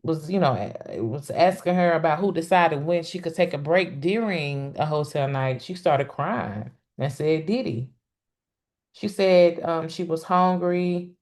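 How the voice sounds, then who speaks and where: A woman comments on a court case during a relaxed live stream, her voice low-pitched and a bit mellow. She speaks to viewers directly, chatty and exclamatory, often hesitating with "um" and then starting her thought over.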